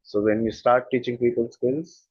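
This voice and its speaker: A man's voice: mid-range voice, steady tone, normal speed, breathy edge, dull audio. Earnest man with an Indian accent. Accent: standard Indian English. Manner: earnest, emphatic, repeats phrases for stress. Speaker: communication skills coach. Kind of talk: explanatory talk.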